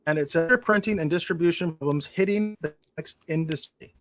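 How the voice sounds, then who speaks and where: A man hosting a casual podcast chat, animated and opinionated, with big swings in loudness. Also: a little high, brisk, no room sound. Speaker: podcast host.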